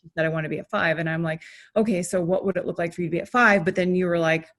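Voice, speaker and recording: A woman's voice: fairly low pitch, fairly even intonation, very fast. A woman coach on a video call, chatty, sharing feedback and retelling her own thoughts as quotes. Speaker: coach observing a session.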